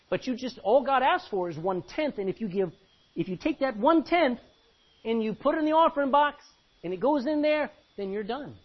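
A man preaching a sermon as pastor, animated and joking with the congregation. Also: high-pitched, husky. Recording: dull lo-fi recording.

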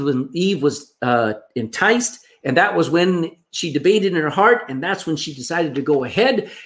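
Animated male preacher, lively pitch. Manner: animated preaching, swings between loud emphasis and hushed asides. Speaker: pastor. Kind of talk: sermon.

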